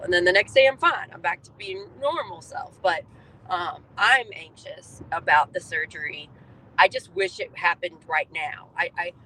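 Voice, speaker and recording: A woman's voice: on the low side, pushed and bright, low-quality recording. A woman speaks candidly in a personal vlog, chatty and heartfelt, leaning on fillers as she thinks aloud. She is recording inside a car, with faint road noise underneath. Her talk runs open and unguarded. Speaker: vlogger sharing her health journey.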